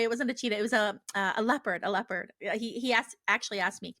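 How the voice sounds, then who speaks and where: A woman's voice: mid-range voice, steady tone, fairly quick, fairly bright tone, dry recording, studio quality. A woman in her thirties hosting a casual podcast Q&A, talking earnestly and rambling with many fillers and restarts. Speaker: podcast host. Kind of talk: casual listener Q&A.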